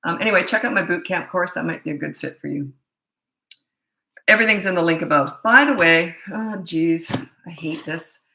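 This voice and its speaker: This is a middle-aged parenting coach answering questions casually to camera. She gives blunt, brisk, opinionated advice in a gravelly, bright, fairly low voice that echoes around a roomy space.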